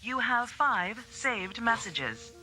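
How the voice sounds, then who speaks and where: A woman's voice: a little high, big pitch swings, slow pace, bright, forceful tone, full character voice. An actress voicing a female automated voicemail system in a TV drama, making formal announcements. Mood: neutral.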